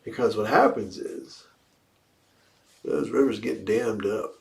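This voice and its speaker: A man's voice: on the low side, slow pace, gravelly. A man giving a dharma talk as a Buddhist teacher, reflective, often posing rhetorical questions and repeating key phrases for emphasis. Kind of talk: dharma talk after meditation. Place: livestreamed evening service.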